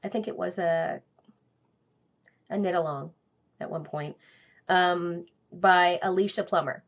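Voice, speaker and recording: A woman's voice: fairly low pitch, steady tone, unhurried, lo-fi sound. A woman hosting a crafting vlog from home, chatting casually and rambling with lots of ums and asides. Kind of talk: casual chat to camera.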